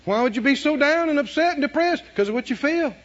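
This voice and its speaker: A man preaching a sermon, emphatic, dropping to a hush and then rising to shouts. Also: extremely high pitch, expressive, fast, dull audio. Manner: emphatic, swinging from hushed to shouting, with laughs.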